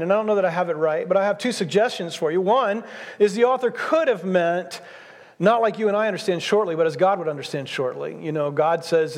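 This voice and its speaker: A man in his sixties preaching a sermon, his voice riding high for a man and pressing hard on each point he repeats. The sound rolls out into a large church hall with a long, lingering reverb. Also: fairly quick. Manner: emphatic preaching, repeats key phrases. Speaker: pastor.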